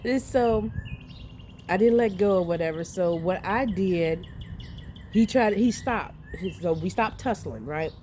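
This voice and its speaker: A woman vlogger telling a story in a casual, animated way, swearing freely and laughing often, recorded outdoors. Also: medium pitch, measured pace, a little hiss or hum. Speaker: vlogger recounting dreams. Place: outdoors in light rain. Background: rain and outdoor ambience.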